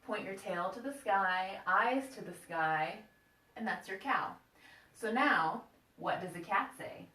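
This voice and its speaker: Speaking slowly in an animated, mid-range voice that sounds pushed and bright, the woman guides kids through yoga poses and breaths with playful encouragement. The recording is distant and echoey.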